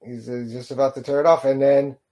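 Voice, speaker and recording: A man giving casual reaction commentary on a short film, rambling and halting with lots of fillers. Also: mid-range voice, flat delivery, warm tone. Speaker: video reactor.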